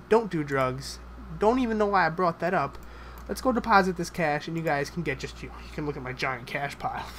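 Guy doing live game commentary, kinda high voice, hyped and jokey, swears a ton. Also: slight background noise. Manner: excitable, joking, swears a lot; rapid bursts of chatter. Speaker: gameplay commentator.

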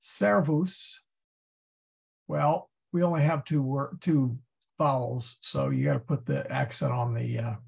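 A man teaching a Latin class, explaining step by step and thinking aloud with many pauses and fillers. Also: mid-range voice, steady tone, gravelly, a little mellow, slightly rough. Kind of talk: classroom lesson.

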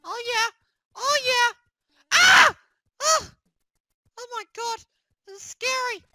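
A squeaky, whiny Link. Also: measured pace, no echo, soft background music, heavily acted. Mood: panicked. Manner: whiny, yelps and shouts in panic. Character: squeaky young male plush hero, whiny and easily panicked. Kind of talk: comedic plush puppet gaming skit.

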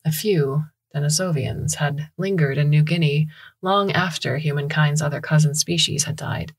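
A woman narrating a science fiction story in a measured, steady storytelling style on a close studio mic. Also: low-pitched, breathy edge.

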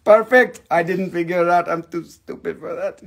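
A man hosts a live-stream crystal sale, joking and rambling in a goofy way and bursting into shouts. His voice sits high for a man and sounds husky, with a gravelly fry running through it. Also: monotone, brisk. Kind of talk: playful live-stream sales chat.

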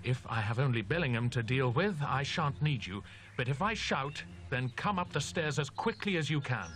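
An actor playing a grim, determined young male student in a horror audiobook drama, speaking firmly and deliberately. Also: mid-range voice, animated, a bit bright, soft background music, close to an everyday voice.

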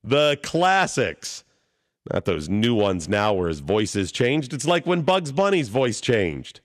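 Lively joking radio host, man. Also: lowish voice, a little slow. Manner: animated, joking. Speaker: radio talk show host. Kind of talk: talk radio chat.

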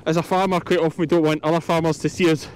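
A Scottish sheep farmer talks straight to his viewers in a chatty, easygoing way, out on a hillside in a storm. His voice sits high for a man. Vehicle noise is heard behind him. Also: level tone, very fast, a little mellow. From Scotland. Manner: chatty, talking to viewers while working dogs. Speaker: sheep farmer and channel host. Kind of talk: outdoor farm vlog commentary. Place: windy hillside outdoors in a storm.

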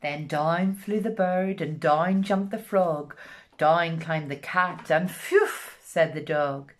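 A woman with a Northern Irish accent reading a rhyming picture book aloud in a gentle, rhythmic storytelling manner. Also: sits low, steady tone, slow pace.

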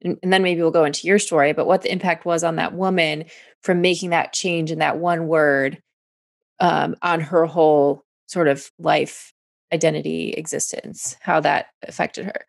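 Woman host, low gravelly voice, curious and encouraging with her guest. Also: fairly even intonation, normal speed. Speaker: podcast host. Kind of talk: interviewing.

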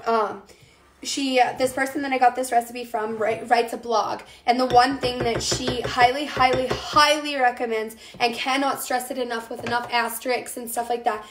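In an echoey home kitchen with faint background noise, a young woman runs a casual live cooking demo, chatting with "you guys" and responding to comments. She's recovering from a lost voice, speaking on the high side in a steady tone at normal speed.

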